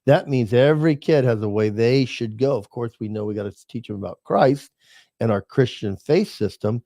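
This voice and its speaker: A man's voice: medium pitch, moderate pace, dark tone, no echo. An older man co-hosting a chat show, telling family stories in a folksy, rambling way. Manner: storytelling, folksy, repeats words. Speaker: podcast co-host. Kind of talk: casual chat.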